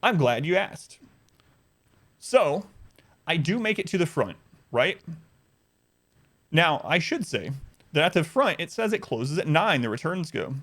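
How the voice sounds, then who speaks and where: A male streamer with a slightly higher voice than most men, telling a story in a casual, animated way. He sounds exasperated and acts out other people in a raised voice. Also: unhurried, pauses often. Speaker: livestreamer.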